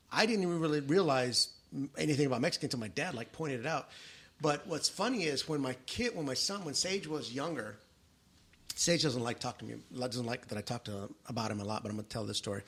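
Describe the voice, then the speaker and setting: A middle-aged man hosting a podcast, telling family stories in casual chat and acting out the voices of the people in them. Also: medium pitch. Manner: animated, acts out quoted voices in his stories.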